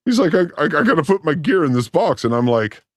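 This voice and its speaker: A man co-hosting a casual reaction chat, laughing often, talking loud and animated, and mimicking people he talks about. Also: a little high, fast talker. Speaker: podcast co-host.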